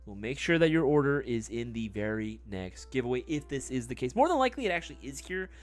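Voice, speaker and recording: A man's voice: medium pitch, big pitch swings, fast. A man hosting a casual livestream giveaway, joking and swearing, talking back to the live chat. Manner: swears loosely; mock ASMR murmur. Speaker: livestream host.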